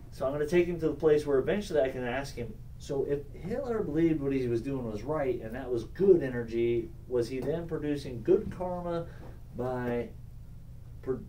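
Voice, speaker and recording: A man's voice: mid-range voice, expressive, moderate pace, warm tone, distant mic, a little hiss or hum. A man teaching a church class on sharing faith, talking conversationally, checking in with the class and acting out quoted exchanges. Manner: conversational, asks the class questions, acts out quoted dialogue.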